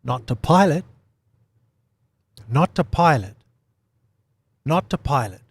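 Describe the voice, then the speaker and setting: A man giving an unscripted Bible study talk, animated, with lots of rhetorical questions and repeated phrases. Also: fairly high pitch, slow pace, gravelly, husky, no room sound. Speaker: Bible teacher.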